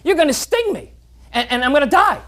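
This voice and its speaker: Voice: sits high, sing-song, a little fast, fairly bright tone, voice pushed up. A speaker voicing a wary, indignant frog who scoffs in incredulous questions.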